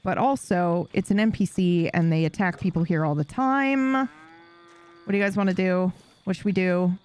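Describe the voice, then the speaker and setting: A woman's voice: fairly low pitch, normal speed, a little mellow. A woman streamer chatting casually with her live audience while playing a game, swearing freely and laughing often.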